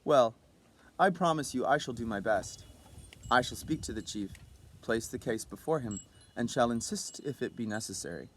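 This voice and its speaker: A man voicing a modest, cautious young male clerk who answers in a measured, quiet way. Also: medium pitch, expressive, slight background noise, natural voice. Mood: reassuring.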